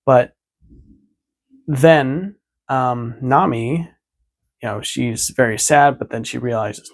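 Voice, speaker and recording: Male vlogger, casual recap, rambling, mid pitch. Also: slow pace, vocal fry, long pauses. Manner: rambling, many fillers.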